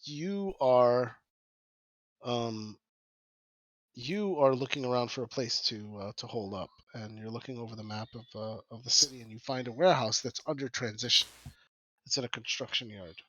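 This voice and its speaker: A man's voice: medium pitch, moderate pace, fairly bright tone, dry recording, highs cut off. A man narrating a tabletop role-playing game as game master, rambling with many restarts.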